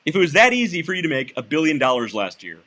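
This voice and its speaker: Lively, bright-voiced man co-hosting. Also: a little high, fast talker. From Michigan. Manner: explains and jokes, lively. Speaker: podcast co-host. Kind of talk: casual podcast chat.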